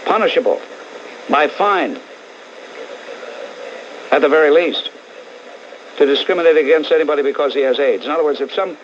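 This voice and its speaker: Brash New York radio host, muffled tape. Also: male voice, a little high, animated, moderate pace, long pauses, a little hiss or hum. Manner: blunt, sarcastic, ranting. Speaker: radio talk show host. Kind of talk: combative call-in talk radio.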